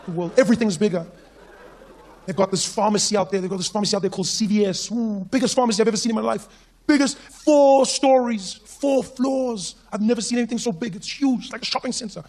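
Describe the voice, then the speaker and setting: High-voiced South African comedian. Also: male voice, quick pace. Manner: animated, playful storytelling. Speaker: stand-up comedian. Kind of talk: stand-up comedy.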